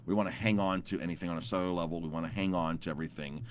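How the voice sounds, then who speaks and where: A deep-voiced man in his thirties, a chef, tells a long story to camera in a loose, rambling way. He often stumbles over repeated words and fillers as he goes. A faint hum of room sound sits behind him. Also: steady tone, racing.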